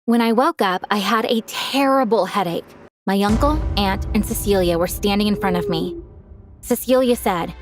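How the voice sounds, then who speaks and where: A woman's voice: mid-range voice, normal speed, soft background music. A young woman narrating a dramatic first-person story in an earnest way.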